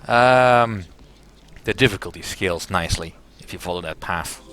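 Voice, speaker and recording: A man's voice: low-pitched, moderate pace. A man hosting a let's play, musing aloud about the game with hesitant fillers. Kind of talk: gameplay commentary.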